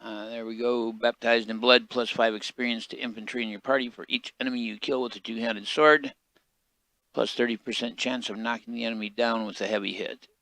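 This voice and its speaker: A man's voice: medium pitch, flat delivery, a little fast, bright, forceful tone, a little hiss or hum. A man streaming a game and giving casual commentary, with rambling, chatty asides.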